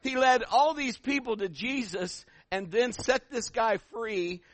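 A middle-aged man preaching a sermon as pastor, telling stories and acting out voices, building to loud emphatic peaks. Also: extremely high pitch, a little slow, no echo.

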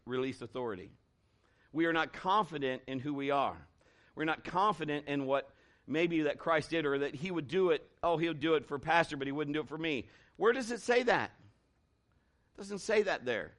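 A man's voice: fairly high pitch, fairly bright tone. A man preaching a sermon as pastor, working up the room with rising calls to the congregation.

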